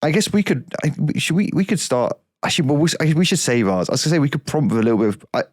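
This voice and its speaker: A man's voice: fairly high pitch, sing-song, racing, no echo, studio quality. A man co-hosting a podcast in casual chat, rambling with frequent restarts and swearing freely. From United Kingdom. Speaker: podcast co-host.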